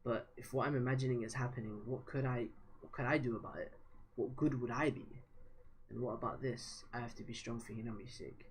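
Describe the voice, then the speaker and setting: A man voicing an earnest, self-doubting young man as he reads a story aloud, with a husky voice. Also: mid-range voice, steady tone, a little fast. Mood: anxious. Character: gentle, anxious young man, hesitant.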